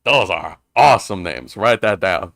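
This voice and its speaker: A man's voice: deep voice, animated, unhurried, creaky, a bit bright, no echo, clean studio sound. A man streaming a visual novel, reading the dialogue aloud and putting on playful voices for the characters. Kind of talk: casual let's-play reading with voices.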